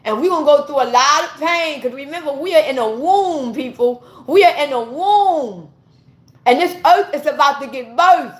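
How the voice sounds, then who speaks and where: A woman from the United States with a high-pitched voice delivers a fiery, profanity-laced rant, lecturing her viewers like a street preacher. The recording sounds roomy, with noticeable echo off the walls. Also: expressive, normal speed. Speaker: vlogger. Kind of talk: impassioned monologue to viewers. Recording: echoey room.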